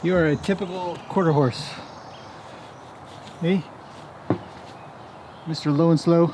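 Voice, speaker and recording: A man's voice: a little high, fairly even intonation, slow pace, a little mellow, a little hiss or hum. Chatty man on a farm walk. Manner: chatty, talks fondly to the animals. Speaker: horse trainer vlogger. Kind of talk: casual walk-and-talk vlog. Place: outdoors on a rural farm.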